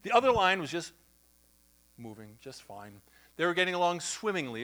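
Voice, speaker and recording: In church, a pastor preaches a sermon, telling a story in a conversational, animated style and tossing asides to the congregation. His voice is high and fairly quick.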